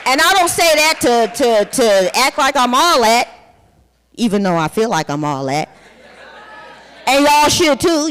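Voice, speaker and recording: A woman's voice: high voice, a bit bright. A woman in her forties giving a candid, blunt personal testimony with some profanity at a conference. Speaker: conference speaker. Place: large conference hall. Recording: long hall reverb.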